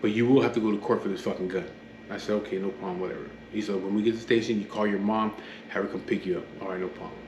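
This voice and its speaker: A man's voice: fairly low pitch, fairly even intonation, racing. A man tells his story in a blunt, matter-of-fact way, swearing freely. He plays the other people's lines in his own voice. The room echoes, and a faint hum sits behind him. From Los Angeles area. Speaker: guest telling his life story. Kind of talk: casual personal storytelling.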